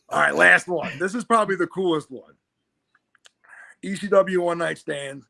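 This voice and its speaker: A man in his thirties telling backstage wrestling stories in a casual, animated way, acting out the voices of the people he quotes. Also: sits high, unhurried, creaky. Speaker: guest wrestler. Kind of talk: casual storytelling.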